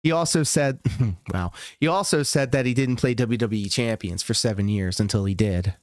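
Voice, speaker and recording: A man's voice: medium pitch, normal speed, dry recording, studio quality. A man hosting a livestream, reacting to clips in loose, joking, profane casual commentary. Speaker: livestream host.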